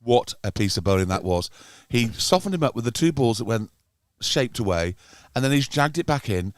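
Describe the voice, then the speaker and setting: A man's voice: mid-range voice, moderate pace, dry recording, clean studio sound. A man doing chatty live commentary on a club cricket match, teasing his co-commentator. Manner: chatty, teasing, gets excited at wickets.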